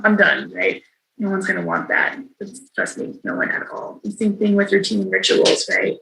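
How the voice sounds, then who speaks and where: Gravelly woman trainer asking "right?". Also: medium pitch, fairly bright tone, low-quality recording. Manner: conversational, frequent tag "right?". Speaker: trainer for kin caregivers. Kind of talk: virtual training talk. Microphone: video call.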